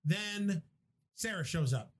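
A young man in casual podcast chat, swearing freely as he excitedly retells a movie plot. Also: high-pitched, slow. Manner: animated, profane movie retelling.

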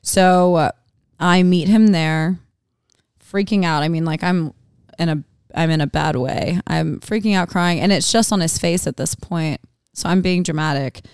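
A woman's voice: lowish voice, measured pace, darkish tone, smooth, no echo. A woman in casual podcast chat, telling a story with many "like"s, on a close mic.

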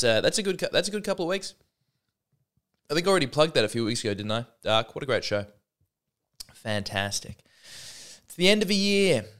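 A man's voice: medium pitch, a bit bright, clear, resonant tone. An Australian man hosting a solo podcast, talking in a rambling, sardonic, self-deprecating way. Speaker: podcast host.

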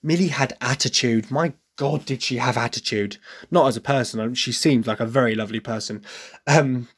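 An Englishman talks at length about a musical he loves. He rambles, restarts his sentences and keeps adding apologetic asides. His voice sits in a plain middle pitch. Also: normal speed, husky. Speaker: podcast host reviewing a musical. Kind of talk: casual opinion monologue.

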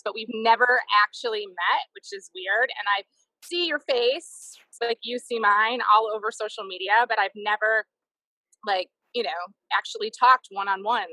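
A woman co-hosting a podcast, loud and enthusiastic, chatting casually with lots of fillers. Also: a little high, no echo, rough recording. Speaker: podcast co-host.

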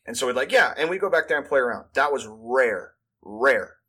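A man around thirty with a husky, slightly breathy voice tells rowdy school stories in a loose, profane ramble. He leans on "like" as a filler and slips into quick impressions of the people he describes, sitting at an average pitch for a man. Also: lively intonation, pushed and bright. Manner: rambling, profane, lots of "like" fillers, acts out quotes. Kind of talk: casual storytelling chat.

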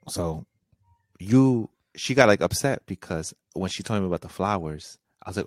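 A man's voice: low voice, moderate pace, dry recording. A young man, a podcast co-host, casually telling a long slangy story and acting out both sides of a conversation.

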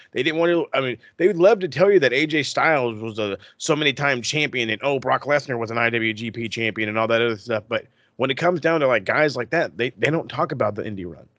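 A man's voice: medium pitch, dry recording, muffled recording. A man co-hosting a podcast, chatting casually with lots of swearing and restarts. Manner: profane, animated, lots of restarts. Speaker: podcast co-host. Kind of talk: casual chat.

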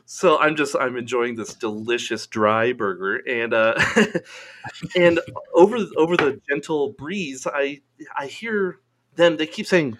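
A man's voice: medium pitch, animated, normal speed, fairly bright tone. A man telling a story as a podcast guest, casual and full of laughs and swearing.

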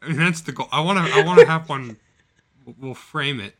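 Dry-humored man co-host, casual chat, bright tone. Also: a little high, moderate pace. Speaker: podcast co-host.

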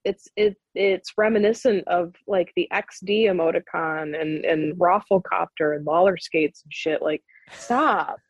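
Husky young american woman, blunt, swears a lot, dry close mic podcast chat. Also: on the low side, a little slow, dry recording, rough recording. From United States. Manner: blunt and opinionated, swears freely. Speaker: podcast co-host. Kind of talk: casual chat.

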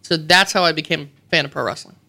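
A woman guest on a radio show, telling animated, self-mocking childhood stories in a casual way. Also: low-pitched, fast, gravelly. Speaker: guest, wrestling personality. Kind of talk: casual storytelling. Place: radio studio.

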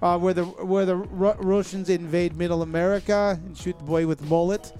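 A man's voice: high-pitched, flat delivery, normal speed, mellow, faint music behind. A man co-hosting a casual podcast, reading out event listings and stumbling over names and dates. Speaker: podcast co-host.

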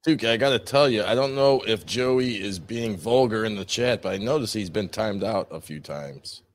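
A man's voice: fairly low pitch, moderate pace, a little hiss or hum. A man co-hosting a comedy livestream, chiming in with short dry remarks. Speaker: co-host.

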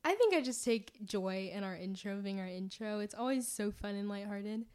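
A woman's voice: medium pitch, animated, normal speed, a little mellow, smooth. A young woman co-hosting a podcast, chatting casually and bubbly, with lots of fillers and laughs. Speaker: podcast co-host. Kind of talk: casual chat.

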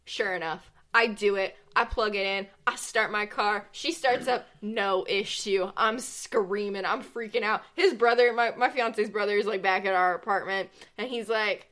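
A woman's voice: medium pitch, steady tone, moderate pace, few pauses, fairly bright tone. A young woman co-hosting a podcast, telling a story in casual chat with lots of "like" and frequent laughter. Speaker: podcast co-host.

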